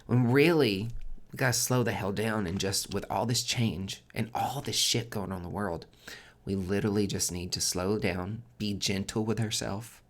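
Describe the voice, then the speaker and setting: A man hosting a casual tarot forecast, chatty and expressive, swearing freely and swinging between loud emphasis and soft near-whispers. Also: on the low side, normal speed. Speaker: tarot reader and podcast host.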